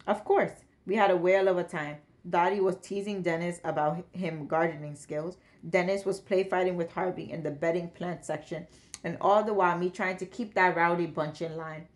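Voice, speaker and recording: A woman's voice: fairly low pitch, steady tone, moderate pace, natural voice. A woman doing a jovial old Jamaican man. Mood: cheerful. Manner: playful, chuckling, patois-tinged phrasing. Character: elderly Jamaican man in England, jovial, teasing.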